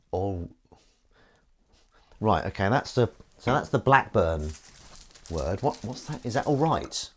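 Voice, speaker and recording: Very animated and a little slow, this man speaks at medium pitch and pauses often. He hosts a casual livestream from his home kitchen while washing up, playfully reading out viewer comments; he's from Northern England.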